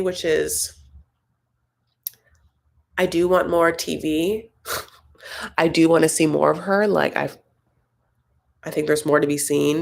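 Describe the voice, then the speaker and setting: A young woman chatting on a casual live stream from home, wandering from thought to thought and reading out comments as they come in. Her voice sits fairly low and has a gravelly, fry-laden edge. She talks loosely and conversationally, with lots of fillers. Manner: chatty, rambling, reads viewer comments aloud. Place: home, Los Angeles.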